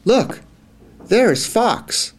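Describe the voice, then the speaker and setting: A man voicing two small, cute, excitable mice in a children's storybook reading, with squeaky, excited exclamations. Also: slow pace, full character voice.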